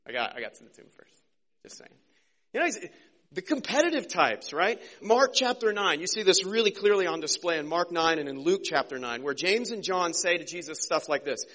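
A man preaching a casual, conversational sermon as a pastor, joking and slipping into quick character voices. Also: high-pitched, animated, fairly bright tone.

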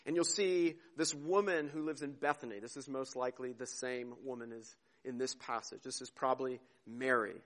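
A man preaching a sermon, earnest and heartfelt, dropping to a hush and then rising to emphasis, often repeating words as he goes. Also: mid-range voice, fairly even intonation, normal speed, hardly any pauses. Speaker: pastor.

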